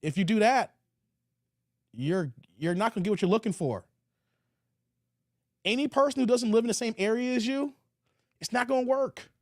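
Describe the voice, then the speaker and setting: A man's voice: very high voice, moderate pace, long pauses, no echo, studio quality. A man hosting a livestream, reading viewer comments aloud and reacting in laid-back slang. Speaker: livestream host.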